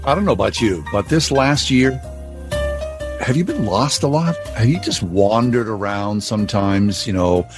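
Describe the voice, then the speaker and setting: A man's voice: on the low side, animated, normal speed, over music. A man hosting a radio talk show, speaking in a reflective, searching way.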